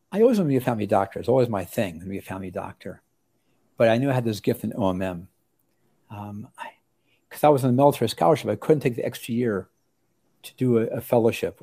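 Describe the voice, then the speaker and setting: An older male doctor recalling his training in a relaxed interview. His voice is warm and mellow, and he rambles, restarting sentences and slipping into quoted voices. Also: lowish voice. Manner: rambling, with many restarts and lively acted quotes. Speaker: osteopathic family physician, interview guest.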